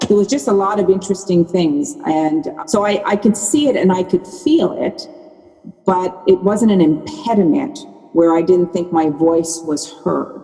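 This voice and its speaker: A woman's voice: on the low side, expressive, a little slow, dark tone, long reverb tail, faint music behind, poor audio. A woman in her sixties, a podcast guest, telling her story candidly and often restarting her sentences. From Canada. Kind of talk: conversational podcast interview.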